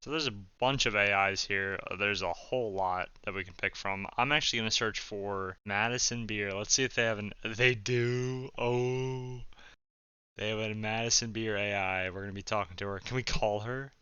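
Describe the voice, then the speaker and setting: A young man giving jokey, excitable commentary while chatting with a chatbot, with sudden loud outbursts. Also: on the low side, normal speed, clear, resonant tone, dry recording, muffled recording. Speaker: comedy YouTuber. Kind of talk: casual reaction commentary.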